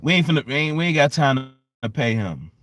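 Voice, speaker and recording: A man hosting a live-streamed sports fan rant, exasperated and repetitive, swinging between loud outbursts and low muttering. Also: sing-song, fairly quick. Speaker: sports fan channel host.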